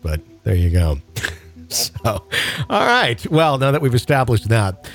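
A man's voice: mid-range voice, wildly swooping pitch, a little slow, soft background music. A man from Wisconsin hosting a paranormal podcast, rambling casually with laughs and the odd swear. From Wisconsin, USA. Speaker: podcast host.

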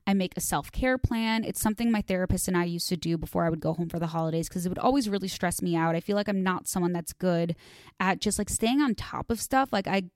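A woman's voice: fairly low pitch, fast, a little mellow, no room sound, clean studio sound. A young woman hosting a podcast, talking casually and gushing, with lots of "like" and restarts between ad reads. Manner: chatty, gushing, filler-heavy. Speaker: podcast host.

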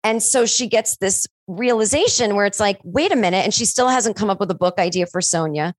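A woman screenwriter in casual podcast chat, telling stories animatedly and acting out bits of dialogue with sudden jumps in pitch. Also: fairly quick, dry recording. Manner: animated storyteller who acts out dialogue with big pitch jumps. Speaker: screenwriter discussing her film.

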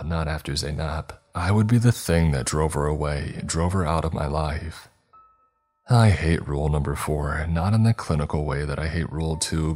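A man narrating a scary story in a steady, measured way. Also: rumbling low. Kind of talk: scripted horror story narration.

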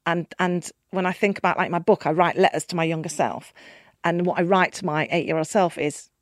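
A woman, a podcast guest telling candid stories in a lively way, laughing often and acting out the voices she quotes. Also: lowish voice, brisk, no echo, studio quality. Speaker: podcast guest, keynote speaker. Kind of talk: candid conversational storytelling.

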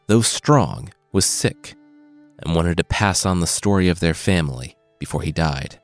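Guy with a low voice doing a jokey saga retelling, really animated, dry sound, faint music under. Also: a little slow, dry recording. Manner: wry, sarcastic asides. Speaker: storyteller host.

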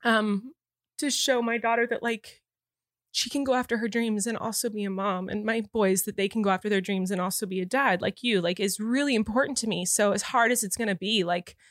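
Her mid-range voice moves a little fast as this thirty-something woman hosts a podcast from an indoor studio. She's emotional and teary, rambling earnestly in casual conversation and frequently starting over. The sound is dry and clean, studio-grade.

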